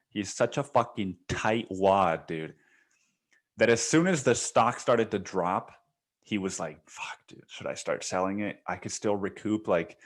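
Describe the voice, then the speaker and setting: Low-voiced man rambling with laughs. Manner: rambling, laughing, swears a lot, says dude. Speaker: podcast host. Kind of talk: casual solo podcast monologue.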